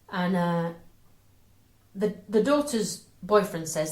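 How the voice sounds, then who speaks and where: A middle-aged woman co-hosting a podcast, telling jokes with dry punchlines in a brisk manner. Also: medium pitch, animated. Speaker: podcast co-host. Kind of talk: casual chat, telling jokes. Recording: roomy echo.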